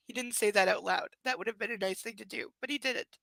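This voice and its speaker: A woman's voice: mid-range voice, brisk, vocal fry, fairly bright tone, no room sound. A woman reading a novel aloud live, breaking off for sarcastic, incredulous commentary. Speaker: book reader and commentator.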